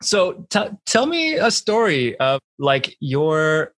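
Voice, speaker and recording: A man's voice: fairly high pitch, very animated, slow pace, a bit bright, dry recording. A man hosting a podcast, asking easygoing questions in a casual interview. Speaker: podcast host.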